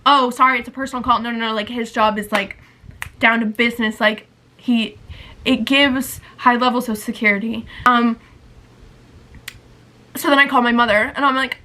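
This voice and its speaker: A slightly high, sharp voice with fairly even intonation moves at a moderate pace, pausing often, over poor audio. The speaker is a woman in her twenties vlogging an emotional, rambling confession heavy with "like."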